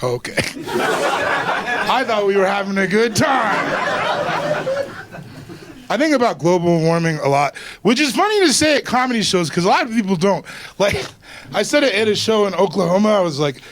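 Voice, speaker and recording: A man doing a stand-up routine, animated and laughing through his lines. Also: high-pitched, normal speed, pauses often. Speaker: stand-up comedian. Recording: live show with loud audience laughter.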